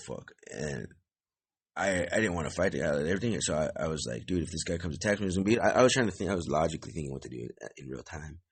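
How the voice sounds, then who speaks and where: A young man with a very deep, gravelly and husky voice tells a story in a loose, rambling way. He swears freely and fills his sentences with "like". His pitch swings widely as he goes. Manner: rambling, profane, many "like" fillers. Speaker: podcast host. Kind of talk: casual storytelling monologue.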